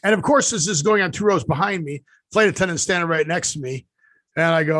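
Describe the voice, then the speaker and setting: A podcast co-host with a fairly high, slightly bright voice rambles through a long, meandering anecdote, full of fillers and frequent restarts. He talks fairly quickly in the loose, easy style of casual podcast chat. The recording is close and dry, with no echo or room sound.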